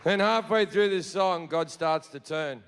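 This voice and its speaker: A man's voice: a little high, a little slow, a bit bright, a little hiss or hum. A male comedian performing a profane, sardonic stand-up story. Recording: live club with long reverb and crowd.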